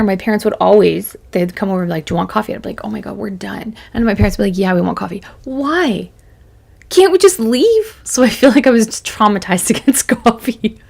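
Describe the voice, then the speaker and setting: A woman's voice: medium pitch, vocal fry. A woman in her forties giving a chatty, self-deprecating motivational talk to camera as a business coach, laughing often.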